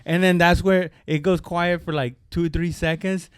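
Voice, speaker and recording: A man co-hosting a comedy podcast, telling a long street story in casual chat and acting out the shouted lines of the people in it. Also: fairly high pitch, normal speed, clean tone, no room sound, clean studio sound. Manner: animated storyteller, acts out shouted quotes, profane. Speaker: podcast co-host.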